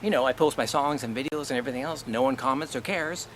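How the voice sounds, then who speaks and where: Male vlogger, mid pitch, profane and indignant, ranting to camera. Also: quick pace, a bit bright, a little hiss or hum. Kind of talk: angry personal rant to camera.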